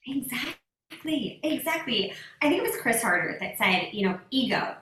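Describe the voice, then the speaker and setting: A woman host talks in an upbeat, emphatic way, her voice high and bouncing with expression. She is recorded in an echoey room, heard from some distance off the mic. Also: sing-song, moderate pace, a bit bright. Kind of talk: motivational conversation. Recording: roomy echo, voice set back from the mic.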